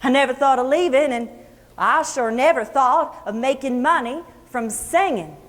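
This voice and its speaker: A woman's voice: high-pitched, moderate pace, natural voice. An actress playing a homespun, plainspoken Kentucky country singer, telling her story in a folksy, chatty first-person monologue with an Appalachian accent. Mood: reminiscing. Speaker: actress in a historical portrayal. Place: luncheon hall before an audience. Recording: echoey hall with long reverb.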